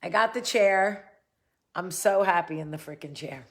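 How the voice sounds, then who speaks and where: A woman's voice: lowish voice, normal speed, fairly bright tone. A woman with a New Jersey–New York accent hosting a casual talk, a bit tipsy from drinking, rambling with jokey asides as she tells a story. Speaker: host. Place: indoors, seated in a chair.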